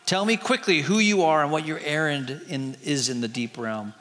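A man voicing a stern male gnome warden who guards an underground realm, speaking low and grave. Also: moderate pace, fairly bright tone, long reverb tail, close to an everyday voice. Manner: grave, commanding, low-pitched.

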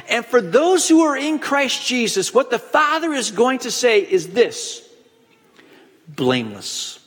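A pastor delivering a conversational sermon, telling stories with frequent restarts. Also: male voice, extremely high pitch, fairly bright tone, long reverb tail. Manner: conversational storytelling preacher with restarts.

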